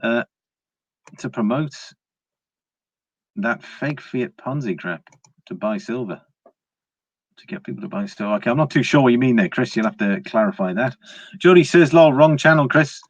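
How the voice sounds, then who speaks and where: A man's voice: mid-range voice, animated, moderate pace, pauses often, husky, dry recording. A British man hosting a casual live stream, reading out viewer comments and rambling through his views with lots of "uh" and restarts. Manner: rambling, with frequent fillers and restarts. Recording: dry, slightly dull lo-fi sound.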